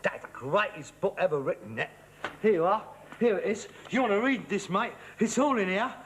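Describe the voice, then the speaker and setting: A man's voice: high-pitched, expressive, moderate pace, a bit bright, a little hiss or hum. An actor playing an exasperated, pompous socialist son, ranting and stumbling over his words. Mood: lecturing. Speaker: sitcom actor. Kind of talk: studio sitcom acting. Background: studio audience laughter.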